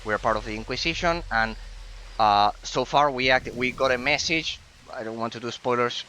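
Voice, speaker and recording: A man's voice: medium pitch, moderate pace, pushed and bright, a little hiss or hum, rough recording. A man, from Italy, giving analytical let's-play commentary as a gaming streamer, musing aloud with plenty of fillers.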